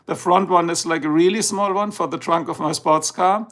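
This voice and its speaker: Hosting a livestream just after getting up, a middle-aged German-accented man rambles casually in a mix of English and German. He speaks at a moderate pace in a fairly high, fairly bright voice with quite even intonation.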